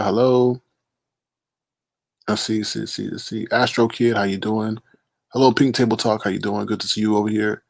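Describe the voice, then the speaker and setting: A man with a fairly low voice hosts a late-night live stream, loose and easygoing, teasing viewers as he greets them one by one. His voice sits close and dry on the mic, with no room sound behind it. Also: gravelly, dry recording. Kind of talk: casual live-stream chat.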